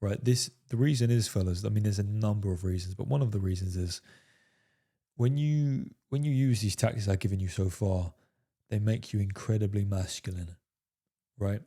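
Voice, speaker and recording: At a normal speed, a man with a fairly low, dark-toned voice coaches viewers on dating, talking straight to camera. His delivery is emphatic and full of profanity, with "fellas" and "right?" sprinkled in.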